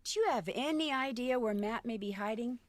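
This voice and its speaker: Nancy Drew, actress playing a young detective. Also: female voice, a little high, fairly quick, lightly acted. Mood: polite. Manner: polite, questioning. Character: young woman detective, polite, probing.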